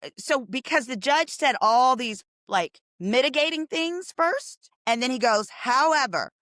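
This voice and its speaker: A woman attorney, a podcast guest, telling stories in a lively way and acting out the quotes she retells. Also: high-pitched, measured pace, no echo, studio quality. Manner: animated storyteller, acts out quotes. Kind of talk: casual podcast interview.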